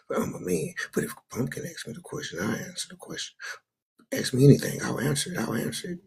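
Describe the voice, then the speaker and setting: Gravelly raspy man, dismissive debater. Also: mid-range voice, sing-song, quick pace. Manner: dismissive, slangy, sighing. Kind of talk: heated online debate.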